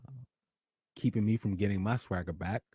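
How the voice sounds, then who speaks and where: A man hosting a talk show, telling a personal story with dramatic swings between loud excitement and hushed confession. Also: on the low side, fairly quick, slightly rough, no echo, clean studio sound. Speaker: podcast host.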